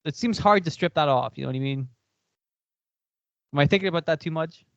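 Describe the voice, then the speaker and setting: A man with an Irish accent chatting casually as a podcast co-host, rambling in an animated way. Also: fairly high pitch, brisk, vocal fry, dry recording, lo-fi sound. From Ireland. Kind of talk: casual chat.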